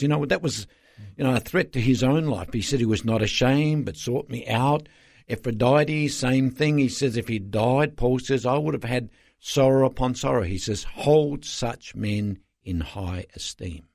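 A man's voice: mid-range voice, creaky, darkish tone, no echo, studio quality. An older man, a pastor telling stories earnestly as an interview guest, rambling with fillers.

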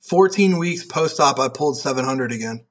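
An expressive, medium-pitched male voice at normal speed belongs to a young powerlifter and referee appearing as a podcast guest. He casually rambles through stories, swearing and saying "like" a lot.

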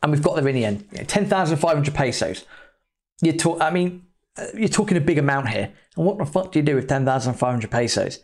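A man's voice: fairly high pitch, animated, fast talker, a little mellow. A man, a podcast host telling a travel story in a casual, chatty way with the odd swear word. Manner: chatty, loose, with mild swearing.

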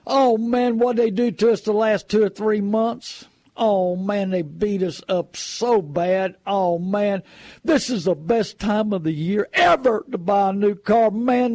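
A middle-aged man talks car buying in a folksy, preachy, emphatic way. His voice sits on the high side for a man. The sound is dry and close, with no room around it. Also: a little mellow, no echo. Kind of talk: folksy advice talk.

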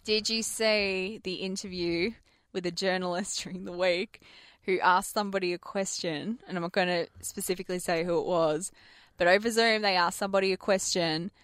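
A woman's voice: on the low side, fairly even intonation, moderate pace, fairly bright tone, clean tone, no echo. A woman co-hosting a radio show, chatting casually and laughing at her own embarrassing stories. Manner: chatty, self-deprecating, laughs while telling stories. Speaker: radio co-host. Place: radio studio. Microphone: studio microphone.

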